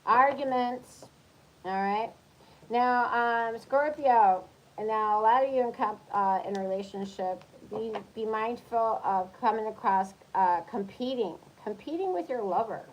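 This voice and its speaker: A woman's voice: a little high, measured pace, highs cut off, a little hiss or hum. A woman who is a tarot reader, giving a casual reading for zodiac signs in a chatty, coaching tone and checking in often with her listeners.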